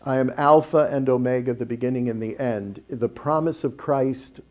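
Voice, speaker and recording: A middle-aged priest with a mellow, warm voice tells a story and acts out every line of dialogue in it. He then moves into a plain teaching tone on scripture. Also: medium pitch, moderate pace. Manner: animated storyteller who acts out quoted dialogue.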